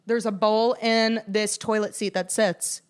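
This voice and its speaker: A woman co-hosting a podcast, chatting casually and telling lively stories, acting out what others said. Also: medium pitch, unhurried, clean tone. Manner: animated storytelling, acts out quoted voices. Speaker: podcast co-host. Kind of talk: casual chat.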